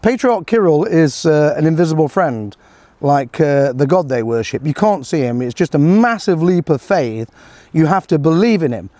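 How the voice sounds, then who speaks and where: A man's voice: a little high, lively intonation, normal speed, mellow, no echo. A middle-aged man giving a sarcastic, rambling political commentary, full of fillers and chuckles. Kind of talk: casual solo commentary.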